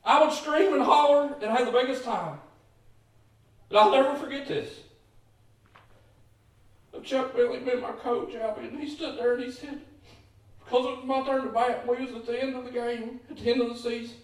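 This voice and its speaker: Recorded from afar in an echoey church hall, a man with a very high, steady voice preaches as pastor at a moderate pace with long pauses. His sermon mixes folksy stories with emphatic calls to the congregation.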